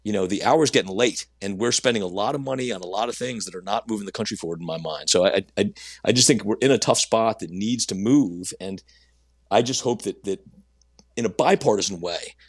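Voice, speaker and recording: A man, a company CEO guest, giving earnest answers in conversation with frequent halting restarts. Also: fairly low pitch, husky, no room sound, studio quality.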